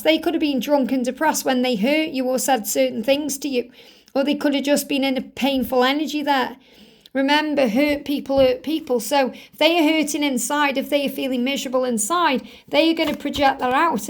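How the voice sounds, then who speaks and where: A woman's voice: high-pitched, fairly even intonation, brisk. A woman giving a tarot reading, speaking earnestly and reassuringly straight to the viewer and repeating key phrases for emphasis. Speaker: tarot reader.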